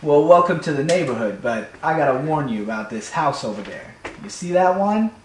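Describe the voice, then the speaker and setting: A man voicing a gang of wary neighborhood cats who give an urgent, cautionary warning in a raised pitch, recorded in an echoey room. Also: expressive, brisk, close to an everyday voice. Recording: echoey room, faint hum.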